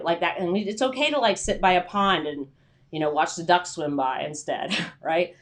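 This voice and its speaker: A woman's voice: on the low side, lively intonation, fairly quick. A young adult woman hosting a casual livestream, chatty and rambling with lots of filler words. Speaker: freelance writer hosting a livestream.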